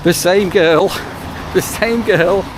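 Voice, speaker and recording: A man's voice: high voice, drawn-out words, background noise. Chatty man rambling on the go. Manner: rambling, chatty, wry asides. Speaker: campsite warden. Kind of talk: casual vlog chat. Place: on the move, outdoors and in a car.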